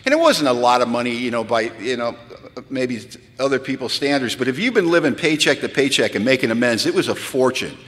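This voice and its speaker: A man telling a self-mocking recovery story to an audience in a hall, animated and rising to high-pitched punchlines. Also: brisk. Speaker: speaker sharing recovery story. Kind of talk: storytelling talk to a live audience. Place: large hall at a retreat. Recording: long reverb of a hall.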